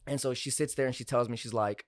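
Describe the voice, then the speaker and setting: Fast-talking young man telling a story. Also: mid-range voice, fairly even intonation, no room sound, studio quality. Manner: loose, profane, lots of fillers like "like" and "bro". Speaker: podcast guest, car salesman. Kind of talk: casual storytelling chat.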